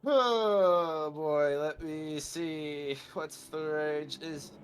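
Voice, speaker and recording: A man's voice: on the high side, extremely slow, clean tone. A man playing in a tabletop game, thinking aloud with hesitations and the odd curse. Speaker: player. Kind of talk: casual tabletop play.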